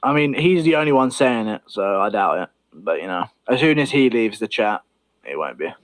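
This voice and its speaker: A man's voice: lowish voice, lively intonation, moderate pace. A man from Britain, chatting casually on a livestream with rambling, profane opinions. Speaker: stream host.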